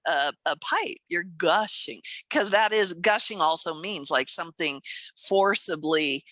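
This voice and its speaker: A woman co-hosting a podcast, telling stories in a casual chat, animated, acting out voices and laughing often. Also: medium pitch, no echo. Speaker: podcast co-host and coach.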